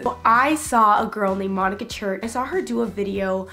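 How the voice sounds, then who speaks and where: A young woman in her twenties chats openly to her viewers. Her voice is hoarse and raspy from a recent illness and sounds a little like a smoker's. Soft music plays faintly behind her. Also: medium pitch, normal speed. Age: 20s. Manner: chatty and candid, with small laughs. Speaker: YouTuber. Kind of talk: casual vlog talk to camera.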